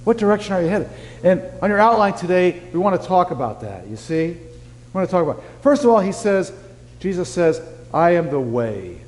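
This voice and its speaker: A man's voice: sits high, expressive, a little fast. A male pastor giving a folksy, conversational sermon, talking directly to his congregation with casual asides. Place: church sanctuary. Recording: church sanctuary with long reverb.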